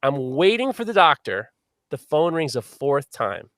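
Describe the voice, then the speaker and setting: A man hosting a live podcast, telling a long story in a lively, swearing manner. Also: fairly high pitch, unhurried, dry recording, clean studio sound. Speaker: podcast host.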